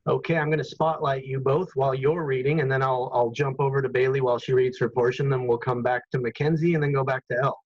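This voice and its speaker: A man hosting an online event, briskly organizing who speaks next. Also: mid-range voice, level tone, muffled recording. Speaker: event host. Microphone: video call.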